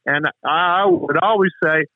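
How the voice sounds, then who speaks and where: A man's voice: fairly high pitch, a little slow, no echo. A man coaching with emphatic rhetorical questions as a guest on a talk show. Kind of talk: motivational interview talk. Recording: tinny phone-like remote line.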